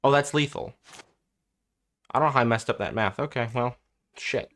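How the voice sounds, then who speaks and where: A man's voice: mid-range voice, normal speed, a bit bright. A young man commenting on his own card game match as he plays, thinking aloud, swearing and getting exasperated. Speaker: content creator playing a card game. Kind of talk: gameplay commentary.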